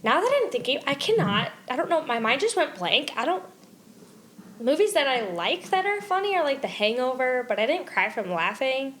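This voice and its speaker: A bubbly young woman chats as a podcast co-host, her voice sitting a little high. She talks with exclamatory energy. Faint noise hums in the background. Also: big pitch swings, normal speed, fairly bright tone. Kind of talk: casual chat.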